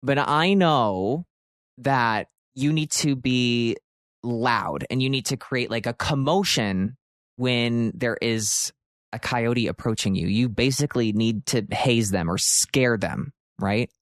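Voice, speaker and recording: Guy from pennsylvania telling a wild story on his podcast, super expressive, swears a lot, dry close mic. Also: mid-range voice, takes it slowly, no echo. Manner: expressive, swearing, jumps into shouted quotes. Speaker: podcast host. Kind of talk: animated storytelling.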